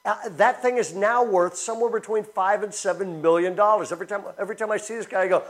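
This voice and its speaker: A man's voice: high-pitched, fast talker, few pauses. A man preaching a sermon as pastor, telling stories and asking the congregation questions. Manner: storytelling, animated, asks the congregation questions.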